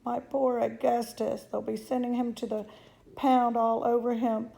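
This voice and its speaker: Storybook read-aloud: a woman doing a shrill, panicking mother, pitched way up, dark grainy tone. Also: level tone, measured pace, vocal fry. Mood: shrieking. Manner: shrill and hysterical. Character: shrieking frantic mother, middle-aged woman.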